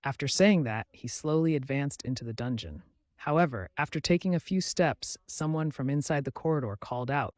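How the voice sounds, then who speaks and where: A man's voice: medium pitch, lively intonation, moderate pace, dry recording, studio quality. A man narrating a comic story recap in a scripted storytelling style.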